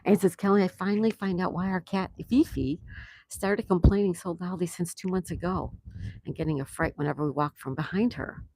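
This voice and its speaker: Low-voiced woman reading live chat. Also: fairly even intonation, fairly quick, slight background noise. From USA. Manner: reads viewer comments aloud and chats warmly. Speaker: livestream host. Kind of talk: casual live-stream chat. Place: outdoors.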